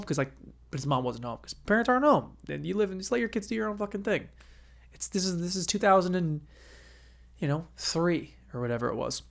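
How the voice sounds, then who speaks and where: A man's voice: high-pitched, animated, fast, vocal fry. A young man hosting a podcast, telling a rambling, profane story on his own and acting out the quoted voices. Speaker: podcast host. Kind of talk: casual solo storytelling.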